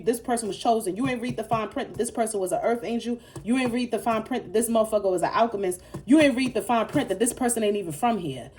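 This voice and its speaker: A woman's voice: a little high, darkish tone, slight background noise. A woman giving a casual tarot reading, blunt and profane, repeating her points emphatically and laughing between lines. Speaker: tarot reader.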